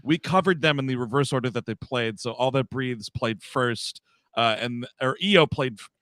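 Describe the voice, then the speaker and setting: In a dry recording with clean studio sound, a male podcast co-host tells a story at normal speed. His voice is mid-range, and he's an animated storyteller who acts out the people in it, quoted voices and all, during casual chat.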